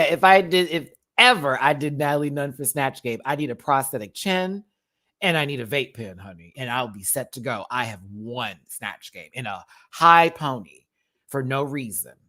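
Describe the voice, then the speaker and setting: A man's voice: mid-range voice, lively intonation, sharp tone. A man from Houston, hosting a live reaction stream with sassy, campy asides. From Houston, Texas. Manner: sassy and campy, quick asides and frequent laughter. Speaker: host of a live reaction show. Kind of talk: casual livestream commentary.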